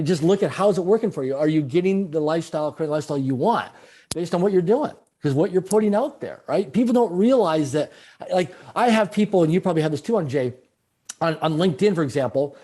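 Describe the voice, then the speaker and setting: A middle-aged man telling stories as an interview guest, animated and repeating phrases for emphasis. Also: high voice. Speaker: guest speaker. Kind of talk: storytelling in a conversational interview.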